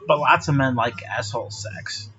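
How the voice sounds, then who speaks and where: A man's voice: mid-range voice, moderate pace, lo-fi sound, over music. A man talking straight to his viewers in a rambling, profane monologue, laughing often. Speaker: vlogger.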